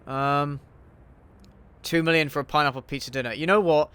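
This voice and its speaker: A man's voice: on the high side, steady tone, normal speed, fairly bright tone, slight background noise. A man hosting a casual livestream Q&A while he plays a game, answering chat in an offhand, sweary way and muttering to himself mid-game. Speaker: YouTube host.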